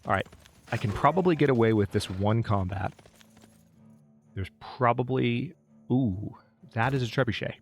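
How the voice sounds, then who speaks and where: A man's voice: medium pitch, normal speed, pauses often, faint music behind. A man casually commentating his own strategy game, thinking aloud and talking to the units on screen. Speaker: let's play host.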